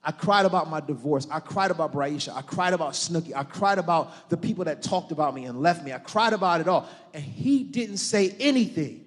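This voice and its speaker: A high-voiced man preaches with fervor, turning straight to his congregation as their pastor. His voice carries a long reverb through the church hall around him. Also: lively intonation, fairly quick, few pauses. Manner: fervent preaching, addresses the congregation directly. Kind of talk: sermon.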